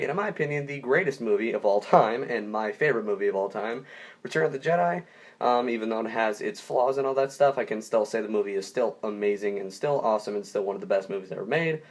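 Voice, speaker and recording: An enthusiastic young man talks through a movie review in a loose, unscripted way. He piles on superlatives and often backs up to restart a sentence. His voice sits at an ordinary middle pitch. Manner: enthusiastic, rambling with frequent restarts. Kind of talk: casual spoken review.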